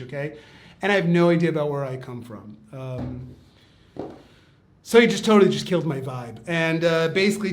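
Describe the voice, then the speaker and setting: A man, a rabbi telling a personal story in a chatty, animated way. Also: on the high side. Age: 40s. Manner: chatty, quotes others in acted asides, lots of "like" and "okay". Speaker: rabbi and teacher. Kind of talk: storytelling talk on a live-stream.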